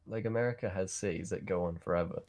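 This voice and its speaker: Deep-voiced Northern English man, dry humor. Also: fast, darkish tone. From England, near Leeds. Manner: dry, hesitant, understated humor. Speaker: guest on a livestream. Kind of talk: casual chat.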